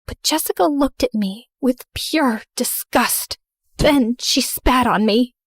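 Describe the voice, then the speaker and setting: Woman, first-person story narrator; a bit high, earnest, dry close recording. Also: slow pace, dry recording.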